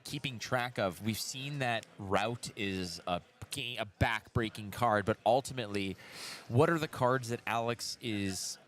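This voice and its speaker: A man with a Canadian accent co-commentating a live card game match, analytical, with quick anecdotes and frequent restarts. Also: fairly low pitch, fairly bright tone.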